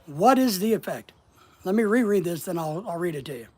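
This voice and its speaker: A man's voice: sits high, lively intonation, a little fast. Male streamer, reads a book aloud and riffs on it, hits key words hard. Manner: emphatic, stresses key words, reflective. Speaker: live-stream host. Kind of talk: reading a book aloud and commenting.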